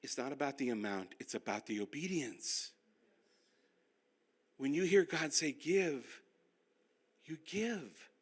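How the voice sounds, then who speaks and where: An older male pastor teaching a finance class, telling animated, self-deprecating stories. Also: mid-range voice, moderate pace, pauses often. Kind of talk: sermon-style finance class.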